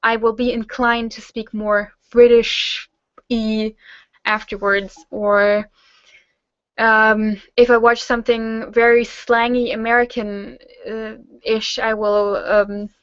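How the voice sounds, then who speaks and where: Young woman, native German speaker, casual q&a chat, slightly high voice, dull dry sound. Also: level tone, takes it slowly, smooth, no echo. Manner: chatty, many fillers and restarts. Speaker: host; teacher-training student.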